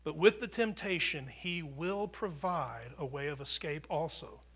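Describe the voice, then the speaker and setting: High, bright-voiced man preaching. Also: animated, moderate pace, hardly any pauses. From United States. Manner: dramatic swings from loud proclaiming to near whispers; conversational, repeats words and restarts often. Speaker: pastor. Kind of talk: sermon.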